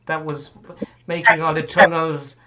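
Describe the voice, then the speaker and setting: Man doing a lava child creature, female, higher-pitched, slow, accusing, tabletop game. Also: little pitch movement, bright, forceful tone, slight background noise.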